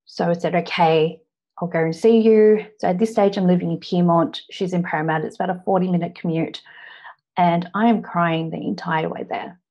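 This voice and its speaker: An Australian woman in her thirties giving an earnest personal story speech, often pausing on "now" to set up the next part. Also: fairly low pitch, fairly even intonation, dark tone, dull audio. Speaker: public speaker.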